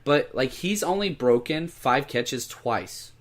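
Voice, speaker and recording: A man's voice: mid-range voice, lively intonation, slow. A man co-hosting a podcast, talking through fantasy football picks in casual chat and urging listeners to make moves. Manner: emphatic, urging listeners to pick up players. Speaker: podcast co-host.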